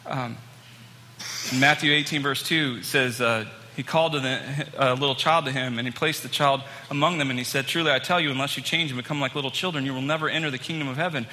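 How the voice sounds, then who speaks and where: A man preaching a storytelling sermon to a congregation, acting out the people in his stories with growing excitement. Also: mid-range voice, quick pace. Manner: animated, acts out quoted people, rising excitement. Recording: long hall reverb, faint ambience.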